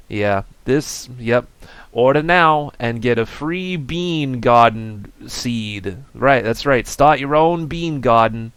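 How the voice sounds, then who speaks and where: A man's voice: mid-range voice, smooth, dry recording. A man voicing a goofy, cheerful male bean mascot in a comedy sketch, rambling in silly, self-mocking ad patter. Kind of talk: comedy sketch, break-screen video.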